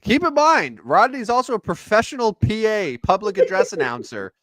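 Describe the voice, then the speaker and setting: A man co-hosting a sports podcast, chatting casually about basketball stats and players with an animated delivery. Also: high-pitched, normal speed, no echo. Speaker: podcast co-host. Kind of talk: casual sports chat and game commentary.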